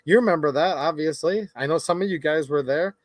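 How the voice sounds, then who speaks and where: A man's voice: on the high side, a little fast, no room sound. Chatty upbeat man hosting a livestream. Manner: chatty, upbeat, addresses viewers as man and dude. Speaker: livestream host. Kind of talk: casual livestream chat greeting viewers.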